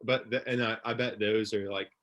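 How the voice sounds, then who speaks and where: A young man chatting casually as a guest, relaxed, with many fillers and easy laughs. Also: on the low side, normal speed. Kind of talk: casual chat on a livestream.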